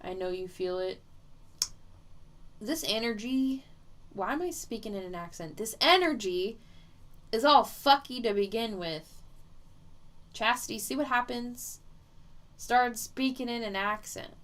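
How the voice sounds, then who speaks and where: Chatting casually on a livestream, a woman psychic medium reads viewer comments aloud, laughs often, and rambles. Her voice is on the high side, a little slow, and slightly bright.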